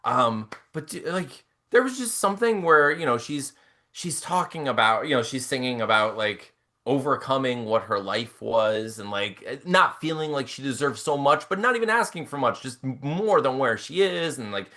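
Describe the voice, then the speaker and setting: Lively bright-voiced man, rambling host. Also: medium pitch, moderate pace. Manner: rambling, many fillers and restarts. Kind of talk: casual live-stream chat.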